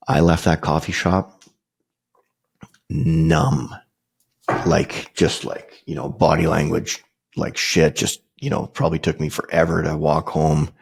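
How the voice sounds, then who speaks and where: A man's voice: extremely low pitch, flat delivery, measured pace, gravelly, slightly rough. A man, hosting a podcast and telling a personal story in a casual, conversational way, swearing freely and restarting often. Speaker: podcast host.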